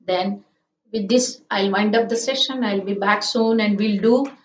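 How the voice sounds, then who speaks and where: Slow woman teaching grammar. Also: mid-range voice. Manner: spells out letters and drills word forms, asks "isn't it?". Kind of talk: slow classroom-style grammar lesson. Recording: echoey room, distant mic, dull sound, faint hiss.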